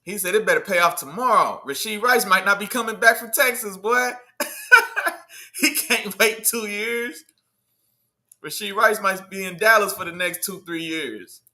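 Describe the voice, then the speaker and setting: Bright-voiced, high-pitched man in loose sports talk. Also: a little fast, few pauses. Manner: slangy, animated, talks back to chat. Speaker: livestream host. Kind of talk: casual sports talk livestream.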